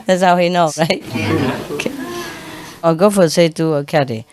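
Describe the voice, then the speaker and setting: Slow-talking woman preacher telling jokes. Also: fairly low pitch, lively intonation. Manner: laughs often at her own jokes. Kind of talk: humorous talk to a congregation. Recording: noisy recording.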